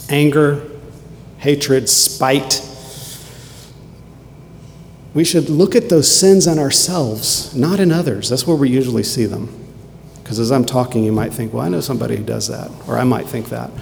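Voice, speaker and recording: A man's voice: mid-range voice, gravelly, a little mellow. A man preaching a sermon, fervent and emphatic, driving points home with dramatic repetition. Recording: long hall reverb, faint noise.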